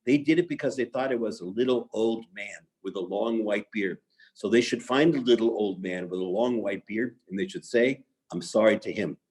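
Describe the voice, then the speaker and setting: A man voicing a gentle, humble old rabbi who explains himself calmly and patiently in a retold story. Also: lowish voice, normal speed, lightly acted.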